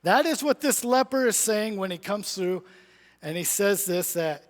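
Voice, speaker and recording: A middle-aged male preacher with a strikingly high voice delivers an earnest sermon. He leans on pleading rhetorical questions. His words ring out with a long reverb in a church sanctuary. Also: lively intonation, a little slow.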